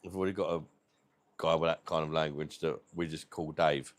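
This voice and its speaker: A man's voice: a bass voice, fairly even intonation, fairly quick. A British man hosting a livestream, chatting casually and rambling, swearing freely. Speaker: livestream host.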